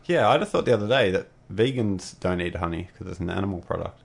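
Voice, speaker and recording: A man's voice: sits low, animated, quick pace, gravelly, breathy edge. A man co-hosting a podcast, chatting in a rambling, profane, laid-back way. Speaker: podcast co-host. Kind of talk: casual chat.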